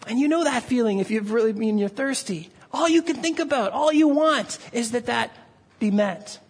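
A man's voice: very high voice, lively intonation, normal speed, breathy edge. A middle-aged man preaching an earnest sermon as pastor, pleading with his listeners and lifting his voice when stirred. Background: gathered congregation.

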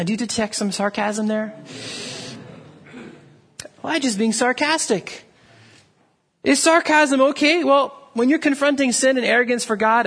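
A man preaching a sermon, reading scripture and explaining it in an animated way, often asking his listeners "right?". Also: high voice, breathy edge. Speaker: pastor.

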